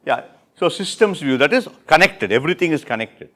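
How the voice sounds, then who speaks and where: A man with an Indian English accent running an interactive classroom workshop, repeating and rephrasing students' answers with brisk praise. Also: on the high side, lively intonation, a bit bright. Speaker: workshop instructor.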